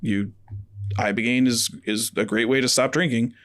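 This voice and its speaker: Man, average pitch; loose, rambling conversational talk full of fillers. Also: fairly even intonation, normal speed, fairly bright tone. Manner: rambling, heavy on "like" and "you know". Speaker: podcast guest. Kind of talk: casual conversation.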